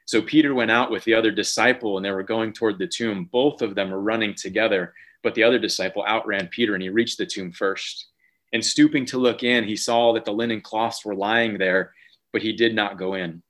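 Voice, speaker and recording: A man's voice: lowish voice, fairly even intonation, a little fast, fairly bright tone. A man in his thirties, a pastor preaching an Easter sermon over a video call, telling a family story in a conversational way before reading Scripture aloud.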